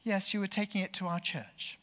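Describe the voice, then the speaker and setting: A man voicing a young, gentle hospital carer who speaks softly and calmly to reassure. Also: sits high, brisk, long reverb tail, pitched above the performer's own voice. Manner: soft, calm, reassuring.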